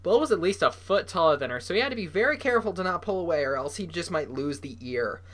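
Bright-voiced reader of a children's novel. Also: mid-range voice, fast talker. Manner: lively, voicing characters. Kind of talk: reading a children's novel aloud.

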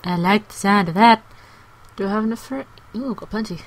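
A woman's voice: medium pitch, fairly quick, rough recording. A woman playing a video game and commentating casually, chatty and playful with frequent exclamations. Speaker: gaming video host.

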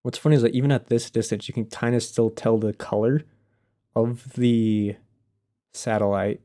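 A man's voice: medium pitch, fairly even intonation, moderate pace, dark tone. A man streaming a game live, chatting casually, laughing often and answering his chat as he plays.

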